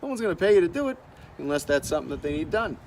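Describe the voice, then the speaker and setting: Blunt, animated male artist, profane monologue, faint ambient noise behind. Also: on the high side, racing, gravelly. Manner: blunt, animated, swears freely. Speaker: artist sharing opinions.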